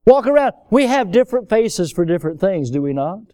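Guy preaching, high voice, dry close mic, jumps loud then drops real low. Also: fairly quick, no echo. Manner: animated, swings from loud high exclamations to low quiet remarks. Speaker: pastor. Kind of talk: sermon.

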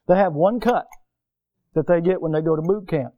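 A man preaches a sermon in a fairly high voice. He tells stories with lively animation and slips into other characters' voices as he goes. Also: moderate pace, lo-fi sound. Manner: animated storytelling, acts out voices.

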